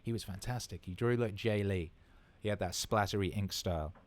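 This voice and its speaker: A man in his thirties with a lowish voice talks fairly quickly while hosting a casual livestream Q&A. Enthusiastic and rambling, he swears freely and repeats words for emphasis.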